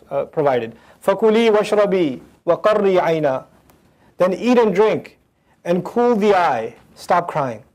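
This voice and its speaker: High-voiced man explaining scripture. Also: darkish tone. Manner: recites Arabic verses quickly, then explains in casual English. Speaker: Quran teacher.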